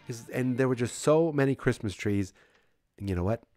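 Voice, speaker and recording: A man's voice: mid-range voice, expressive, normal speed, a little mellow. A man hosting a podcast, recapping casually in a rambling way with many fillers and restarts. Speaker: podcast host.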